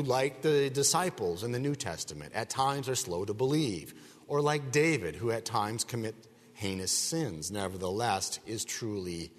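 Man teaching scripture in a reverberant hall. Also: medium pitch. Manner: conversational and digressive, with rhetorical "right?" asides. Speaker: Bible teacher. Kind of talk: verse-by-verse Bible teaching.

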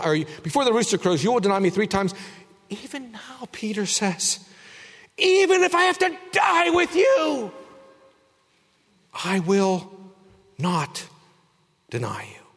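A man preaching a sermon, emphatic, dropping low and quiet then rising loud. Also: big-room sound.

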